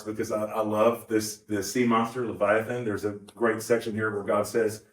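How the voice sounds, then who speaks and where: A man's voice: medium pitch, fairly even intonation, fairly quick, hardly any pauses. Fields: Sex: man. Role: pastor. Sound: echoey, distant. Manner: rambling, with asides and self-corrections. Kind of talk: conversational sermon. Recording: roomy, distant mic.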